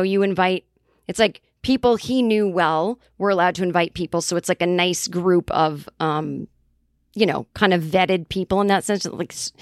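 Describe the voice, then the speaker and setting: A comedian and writer from the Boston area, this woman tells a rambling, profane story in casual conversation, slipping into lots of quoted voices. Her mid-range voice is recorded clean in the studio with no room sound.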